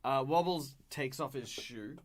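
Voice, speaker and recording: A man's voice: medium pitch, unhurried. An Australian man playing a tabletop game, describing his move in a rambling way. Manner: rambling, trailing off. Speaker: player.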